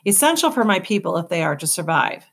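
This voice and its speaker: A woman's voice: fairly low pitch, very animated, fairly bright tone, husky, exaggerated voice. A woman reading the lines of a solemn, formal elderly male leader in a storybook. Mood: grave. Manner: grave, formal, deliberate.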